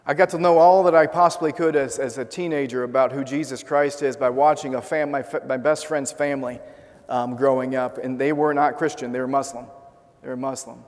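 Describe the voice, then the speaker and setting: A man's voice: medium pitch, fairly even intonation, fairly quick, long reverb tail. A man preaching a sermon, telling a story in an earnest way and asking his listeners rhetorical questions. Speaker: pastor.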